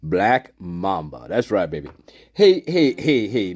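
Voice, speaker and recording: A man's voice: deep voice, sing-song, slow pace, darkish tone, no room sound, clean studio sound. A man hosting a casual livestream chat, joking around and laughing between lines, sometimes dropping to a whisper. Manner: drops into breathy whispers at times. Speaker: livestream host.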